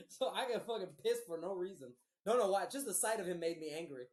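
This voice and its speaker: Animated young man telling stories, echoey room. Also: sits high. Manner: animated, profane, laughs often, slangy. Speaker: podcast co-host. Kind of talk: casual storytelling chat.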